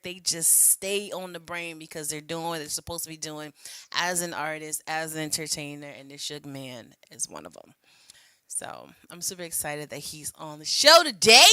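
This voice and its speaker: A woman with a New York area accent co-hosts a casual podcast chat. Her voice is bright and forceful, her manner upbeat and playful. The sound is dry and close. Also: fairly low pitch, clean tone, no room sound. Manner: upbeat, playful, laughs often. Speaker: co-host.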